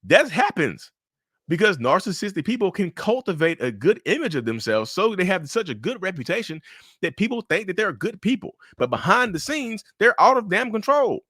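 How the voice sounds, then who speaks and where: A man giving blunt, animated commentary to camera about relationships. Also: high-pitched, normal speed, dry recording, studio quality.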